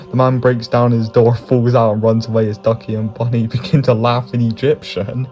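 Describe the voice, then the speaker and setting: Male YouTube narrator, low monotone delivery, crude comic storytelling with frequent cursing and chuckles. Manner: profane, chuckling through lines. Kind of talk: comedic scripted narration.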